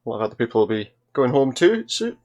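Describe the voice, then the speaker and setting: A man's voice: medium pitch, big pitch swings, fast talker, a little mellow. A man giving casual let's-play commentary, thinking aloud and reading game dialogue as he plays. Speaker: video game player.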